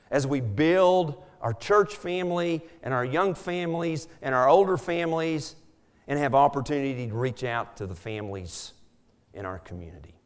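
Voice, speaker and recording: A man preaching a sermon earnestly, often repeating words as he builds emphasis. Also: medium pitch.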